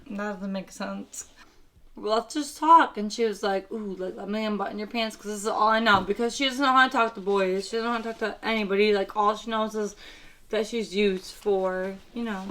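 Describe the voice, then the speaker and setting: A young woman retelling a film as comedy, brash and swearing a lot, slipping into sassy character voices. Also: on the high side.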